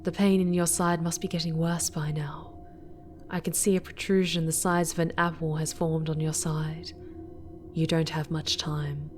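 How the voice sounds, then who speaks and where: A woman narrating a horror tale as a whispered role-play, soft and deliberate. Her voice is low and unhurried. Music plays under her. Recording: music playing behind.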